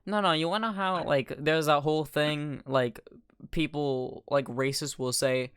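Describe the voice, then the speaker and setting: A man's voice: a little high, fairly even intonation, measured pace, fairly bright tone, smooth, dry recording, clean studio sound. A young man co-hosting a casual podcast chat, laughing and protesting in flustered bursts. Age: young adult. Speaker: podcast co-host.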